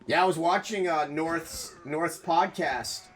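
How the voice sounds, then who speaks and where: A man streaming a video game from home, chatting casually with viewers, excitable and swearing freely, breaking into loud outcries. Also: on the high side, slow. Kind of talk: casual live-stream chat.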